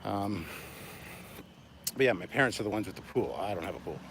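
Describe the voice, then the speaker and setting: Man, deep voice, out of breath, casual chat, night walk outdoors, faint noise behind. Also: brisk. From Canada. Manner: chatty, self-deprecating, answers viewer questions. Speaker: channel host. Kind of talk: casual live-stream chat while walking.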